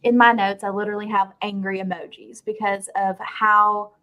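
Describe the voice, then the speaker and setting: A woman with a Southern US accent co-hosting a casual fan recap chat, talking in an animated, chatty way. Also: mid-range voice, normal speed, highs cut off. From Southern United States. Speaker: podcast co-host.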